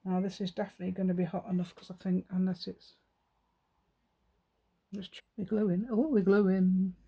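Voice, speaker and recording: A woman's voice: mid-range voice, flat delivery, normal speed, creaky, warm tone, slightly rough. Chatty English woman doing crafts. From England. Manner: chatty, self-mocking, rambling asides, laughs often. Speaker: craft channel host. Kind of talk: casual craft tutorial chat.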